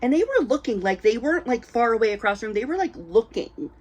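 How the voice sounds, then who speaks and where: A woman's voice: a little high, sing-song, quick pace, lo-fi sound. A woman telling stories to camera in a casual, giggly way, full of ums, with a dry throat. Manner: chatty, giggly, many ums, acts out quoted voices. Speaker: reborn doll collector vlogger. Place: indoors at home, lit by a ring light.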